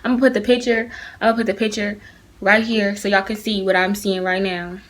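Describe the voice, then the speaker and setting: A woman's voice: mid-range voice, level tone, a little fast. A teenage girl from Atlanta, speaking earnestly and heatedly straight to her viewers in a casual opinion vlog recorded on a phone. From Atlanta, United States. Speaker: vlogger. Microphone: phone camera.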